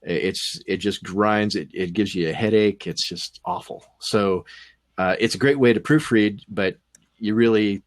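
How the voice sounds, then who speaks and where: A man with a Canadian accent talking casually on a podcast panel, rambling with many pauses and dry humor. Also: on the low side. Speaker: podcast co-host.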